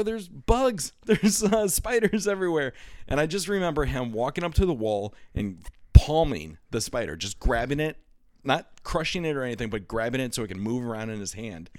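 A man's voice: mid-range voice, no room sound, studio quality. A man hosting a casual comedy podcast, telling stories with lots of swearing and acting out the voices in them. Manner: animated storytelling, swearing, acts out voices. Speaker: podcast host.

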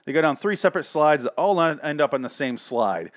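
A man's voice: a little high, animated, fairly quick, no room sound. Crude rambling man, dry sound. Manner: rambling, crude, increasingly exasperated ranting. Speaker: comedic recapper. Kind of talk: profane comedic cartoon recap.

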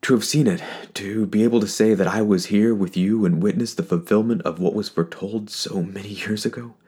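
A man's voice: deep voice, unhurried, darkish tone, husky, full character voice. A man voicing a shaky, tearful old village priest. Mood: tearful awe. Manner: shaky, choked-up speech. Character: older male village priest, devout and emotional.

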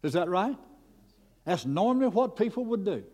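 A man preaching a storytelling sermon in a folksy, animated way, with many fillers and restarts. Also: sits high, normal speed, breathy edge. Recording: echoey hall.

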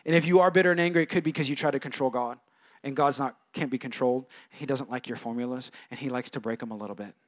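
A man in his thirties or forties preaching a sermon, animated, acting out voices with big swings in pitch. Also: quick pace. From California. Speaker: pastor.

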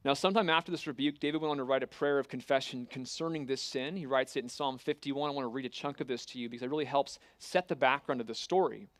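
A man preaching a sermon, retelling a scripture story with earnest, dramatic pauses and reading scripture aloud. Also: mid-range voice, dry recording.

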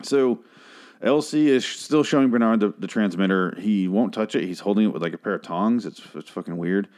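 Brisk and lowish, with a darkish tone, this man's voice carries a rambling podcast review of a TV series. Swearing and filler words crop up constantly in his casual delivery.

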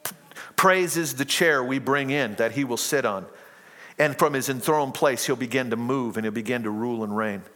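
A man preaching a sermon who reads scripture aloud, builds to impassioned crying out and then drops low and quiet. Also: moderate pace. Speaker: pastor. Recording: long hall reverb.

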